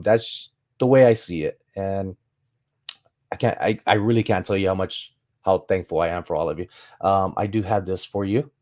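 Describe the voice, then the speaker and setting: A man with a fairly low voice hosts a relaxed livestream. He wanders through stories, playing out both sides of remembered conversations, then breaks off to scroll through and answer viewer chat. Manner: rambling anecdotes, acts out quoted exchanges. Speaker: livestream host.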